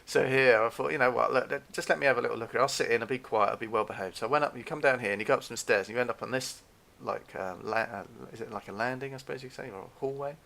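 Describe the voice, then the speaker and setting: Gravelly, bright-voiced man ranting. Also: medium pitch, fast, few pauses, slight background noise. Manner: animated, repeats himself, acts out quoted dialogue. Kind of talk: casual storytelling rant.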